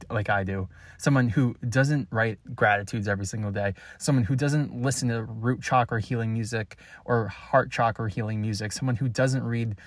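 A man delivering a frustrated, halting, blunt confessional message as a spiritual content creator. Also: mid-range voice, no room sound.

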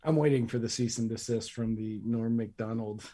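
A man's voice: mid-range voice, steady tone, normal speed, dark tone. An American man co-hosting a podcast, making dry asides and reading out a news item. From United States. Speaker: podcast co-host. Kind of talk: casual chat, reading out news.

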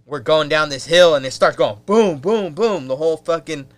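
A man's voice: on the high side, expressive, normal speed, no room sound, faint music behind. A man, a podcast guest telling a wild story in loose, profane, casual talk.

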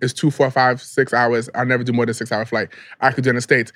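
A man's voice: medium pitch, level tone, fast talker, a bit bright, no room sound, studio quality. A man co-hosting a podcast, sassy and profane, calling people "girl" and "bitch" as he tells his side of a story. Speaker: podcast co-host. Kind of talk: casual chat.

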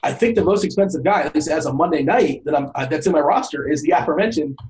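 A man's voice: on the high side, animated, fast talker, darkish tone, rough recording. A man co-hosting a casual podcast chat, rambling with frequent restarts and lots of laughter. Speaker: podcast co-host.

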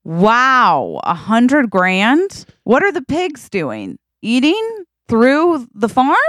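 A woman's voice: fairly high pitch, huge pitch swings, extremely slow, fairly bright tone, no room sound, studio quality. A woman co-hosting a podcast, playfully improvising a comic scene. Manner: playful, reacting. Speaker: podcast co-host. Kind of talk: improvised comedy chat.

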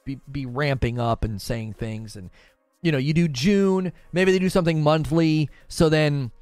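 A man's voice: fairly high pitch, normal speed, a little mellow, clean tone, no room sound, faint music behind. A man hosting a gaming news show, rambling in casual chat and answering viewers' questions.

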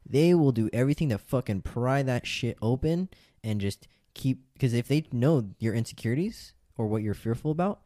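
A man's voice: medium pitch, animated, moderate pace, mellow, no room sound, clean studio sound. A man giving blunt advice on a podcast and lecturing listeners directly in casual talk.

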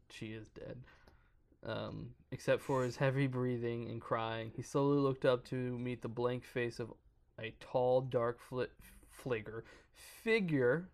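A man's voice: mid-range voice, measured pace. A man on a podcast casually reading a creepypasta aloud, stumbling over words and breaking off to joke. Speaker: podcast co-host reading a horror story.

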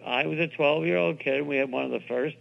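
An older man from New York City, a television producer being interviewed, telling animated anecdotes and acting out the voices of people he quotes. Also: a little high, fast talker, creaky, lo-fi sound. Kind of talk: interview storytelling.

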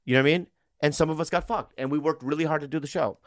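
Animated man defending himself on a podcast. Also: fairly high pitch, rapid-fire, no echo, clean studio sound. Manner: animated, defensive, restarts a lot, swears. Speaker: podcast co-host. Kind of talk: casual comedy podcast banter. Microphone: studio mic.

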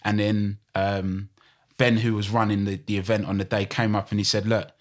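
A man's voice: fairly low pitch, moderate pace. A man in his fifties from East London with a London accent, telling stories as a guest in a casual conversation. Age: 50s. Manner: storytelling, animated, frequent restarts. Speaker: guest DJ and presenter.

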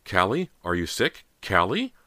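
A man's voice: low voice, lively intonation, unhurried, sharp tone, no room sound, studio quality, full character voice. A man voicing a frightened teenage girl who cries out in alarm. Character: scared teenage girl, the sister.

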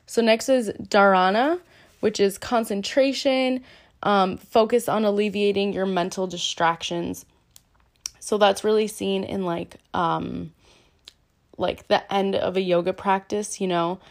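A woman's voice: mid-range voice, steady tone, unhurried. A woman teaching yoga in a casual, earnest way, chatty and self-deprecating, with lots of "um" and "like". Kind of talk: casual explanatory talk.

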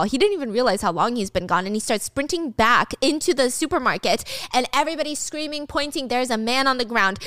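Animated young woman retelling a drama. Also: on the high side, dry recording, clean studio sound. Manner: animated, swears freely, acts out quotes. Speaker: drama recap host. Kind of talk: casual storytelling recap.

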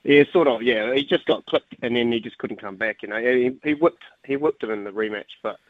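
A man's voice: mid-range voice, fairly quick, dry recording. A man calling in to a radio show, laid-back and a bit hesitant, over a tinny phone line. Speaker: caller. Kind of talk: phone-in chat.

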